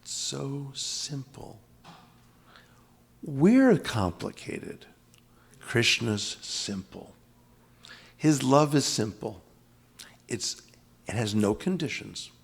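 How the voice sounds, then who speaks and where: A man's voice: medium pitch, big pitch swings, drawn-out words, gravelly, pauses often, slightly rough. An older man from the US East Coast giving an emphatic, dramatic lecture on scripture, repeating key phrases for weight. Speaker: spiritual teacher.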